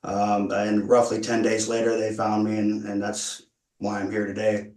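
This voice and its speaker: A man speaking at a parole hearing, earnest and halting, stumbling through many restarts as he explains himself. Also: fairly low pitch, monotone, a little mellow. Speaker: parole applicant. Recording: echoey room, far from mic.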